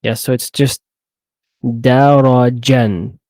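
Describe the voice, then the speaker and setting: A man teaching Quran reading to a single student, patient and unhurried, breaking words into syllables. His voice sits at an everyday middle pitch. The sound is dry and close. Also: a little mellow, no room sound. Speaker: Arabic teacher. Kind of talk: one-on-one Quran reading lesson.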